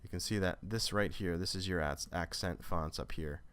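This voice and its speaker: A man's voice: low voice, normal speed, smooth. A man teaching an online course, talking casually through a screen-recorded tutorial with many fillers and self-corrections. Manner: relaxed and conversational, with frequent fillers and self-corrections.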